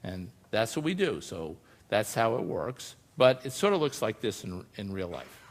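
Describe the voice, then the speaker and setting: A lower-voiced man presenting to an audience in an informal, chatty way, checking in with the listeners as he explains. His voice rings out with a long reverb from the hall around him. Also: very animated, normal speed, creaky, a little hiss or hum. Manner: explains informally, often adds "you know" and "right?". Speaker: scientist giving a public talk. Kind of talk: conversational presentation.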